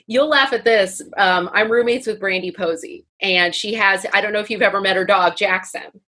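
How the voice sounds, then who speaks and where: A woman hosting a casual conversation, telling animated stories and laughing freely. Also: medium pitch, moderate pace. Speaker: podcast host.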